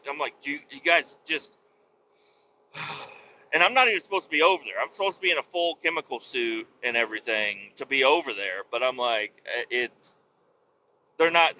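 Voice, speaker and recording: With a bright, forceful voice on the high side, this man, a vac truck operator and casual podcast host, rambles through a story, swearing and sounding exasperated. The audio is dull and lo-fi, with faint background noise.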